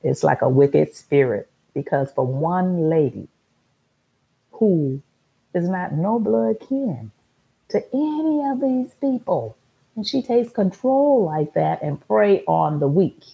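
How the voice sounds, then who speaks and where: A woman's voice: deep voice, lively intonation, slow pace, gravelly, warm tone, husky, poor audio. A middle-aged woman hosting a talk show, telling a story in an emphatic, repetitive monologue.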